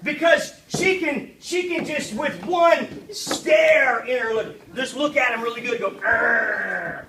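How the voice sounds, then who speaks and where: A children's minister leading a lively Bible lesson for kids, calling out for the group to repeat lines and join in. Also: high voice, measured pace, few pauses. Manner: energetic, calls for audience responses. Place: church kids' meeting room with children present. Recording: echoey room, voice from a distance, loud crowd and noise. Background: children responding and crowd noise.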